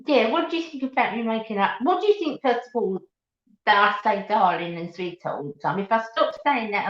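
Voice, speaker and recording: A chatty woman with a Cockney accent hosts a live stream, her voice sitting a little high. She rambles warmly to her viewers and calls them darling and sweetheart. The sound is roomy and dull, like a lo-fi home stream. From East End of London. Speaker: beauty channel host. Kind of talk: casual live-stream chat.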